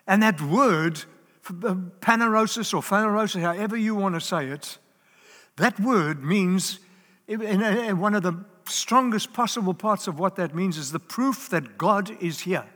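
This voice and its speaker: A man's voice: sits high, a little slow, a bit bright. A man preaching a sermon in an earnest, emphatic way, stacking up lists and repeating key words. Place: church hall. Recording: live in a large reverberant hall.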